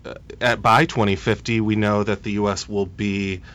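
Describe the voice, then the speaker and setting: A man in his thirties, a policy analyst guest on a radio interview, speaking in a hesitant, halting way with many restarts. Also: fairly low pitch, little pitch movement, a bit bright.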